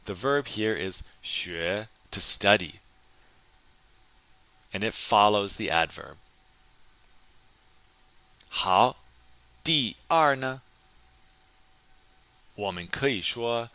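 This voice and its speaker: A man teaching a recorded Chinese grammar lesson, explaining in English and slowly modeling sentences in Chinese. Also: lowish voice, expressive, bright, forceful tone, smooth, no room sound.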